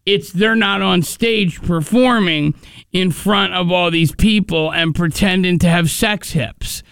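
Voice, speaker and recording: A man's voice: sits high, measured pace, gravelly, a bit bright, clean tone, dry recording. A man co-hosting a casual comedy chat show, ranting in mock outrage and repeating himself. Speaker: co-host.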